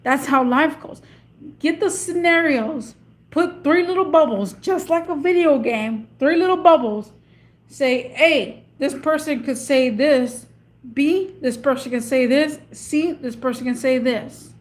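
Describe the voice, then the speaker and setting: A woman's voice: sits high, measured pace. A woman vlogging from her car in a casual, rambling monologue, often stopping to search for words. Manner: chatty, meandering, searches for words. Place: in or beside a parked car.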